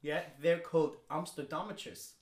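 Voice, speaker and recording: A woman co-hosting a podcast in casual chat, loud and animated as she tells stories. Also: low-pitched, moderate pace. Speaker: podcast co-host. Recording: roomy studio echo.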